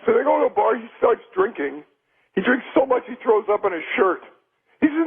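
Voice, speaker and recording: A brash, teasing man with a very high, gravelly voice trades loud banter as a comedy guest. He comes through a dull, lo-fi radio recording. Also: sing-song, brisk.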